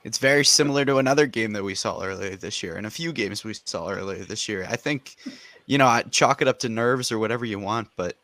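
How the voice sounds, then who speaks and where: A man on a casual sports podcast giving measured, hedging analysis. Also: fairly low pitch, fairly bright tone, dry recording. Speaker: podcast guest.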